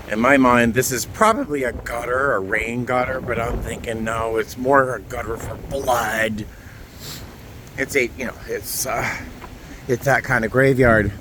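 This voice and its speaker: A man vlogging outdoors in a windy churchyard, chatty and exclaiming, cold and tired. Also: mid-range voice. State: shivering cold. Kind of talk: casual vlog narration.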